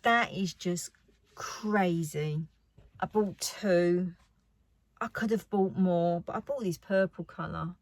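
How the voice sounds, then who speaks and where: A woman's voice: on the low side, slow, dry recording. A woman chatting casually about her craft haul. She rambles and often drops to a near whisper. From United Kingdom. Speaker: craft vlogger.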